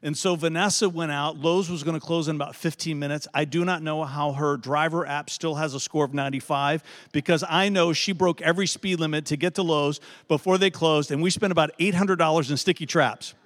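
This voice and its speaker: A middle-aged male pastor telling a story in a sermon, animated and conversational, often asking his audience "right?". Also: fairly high pitch, fairly quick, few pauses. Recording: long hall reverb.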